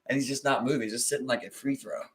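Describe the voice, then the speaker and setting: A man's voice: mid-range voice, very fast. A man with a Baltimore accent, co-hosting a podcast, telling a story in loose casual chat, acting out his friends' lines and laughing often. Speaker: podcast co-host.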